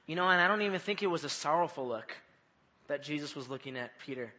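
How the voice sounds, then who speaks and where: A man gives an evening sermon in a casual, conversational way, often repeating himself and asking the listeners questions. His voice is bright and slightly high. It carries the long reverb of a large hall. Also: animated, quick pace. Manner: conversational, repeats phrases, asks the audience questions. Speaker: preacher. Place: church.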